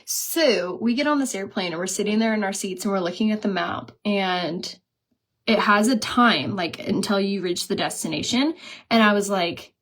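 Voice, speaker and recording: A woman's voice: medium pitch, normal speed. A woman in her thirties chatting casually while doing her makeup, telling stories and laughing at herself. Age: 30s. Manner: chatty, self-mocking, storytelling, laughs at herself. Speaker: beauty vlogger.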